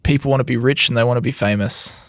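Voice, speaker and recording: A man's voice: mid-range voice, steady tone, quick pace, no room sound. A young man co-hosting a casual podcast in a mid-range voice. He talks in a chatty, joking way and throws in mocking impressions of other people. The recording is close and dry. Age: young adult. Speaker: podcast co-host. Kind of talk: casual chat.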